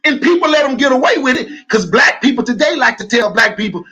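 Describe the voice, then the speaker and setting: A man argues hard on a podcast livestream. His voice sits very high, husky and bright. He shouts and repeats his points. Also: expressive, fairly quick, hardly any pauses, lo-fi sound. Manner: loud, combative, repeats himself. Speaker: podcast co-host. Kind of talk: heated livestream debate.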